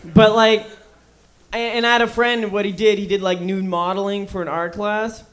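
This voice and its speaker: A man's voice: high-pitched, level tone, normal speed, fairly bright tone. A man performing a crude, rambling stand-up comedy set on a club stage.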